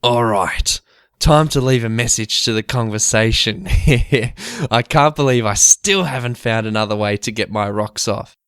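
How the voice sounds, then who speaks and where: A man's voice: mid-range voice, unhurried, a bit bright, clear, resonant tone, no room sound. A man playing a grumbling, swearing prank caller in a comedy skit. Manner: grumbling, swears, spells words out.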